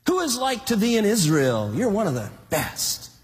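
A man's voice: high-pitched, huge pitch swings, normal speed, pitched above the performer's own voice. A man preaching, acting out a bold young male warrior who mockingly calls across a distance to a general. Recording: long hall reverb.

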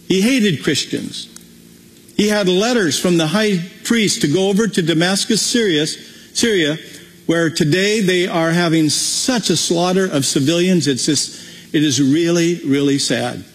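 A man's voice: sits high, husky. A man preaching a conversational sermon as pastor, with frequent restarts. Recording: long hall reverb.

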